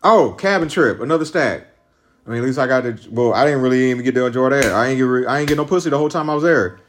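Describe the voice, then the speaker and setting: A man's voice: medium pitch, fast talker. A man hosting a podcast alone, venting in a profane, rambling, agitated monologue about a breakup. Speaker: podcast host.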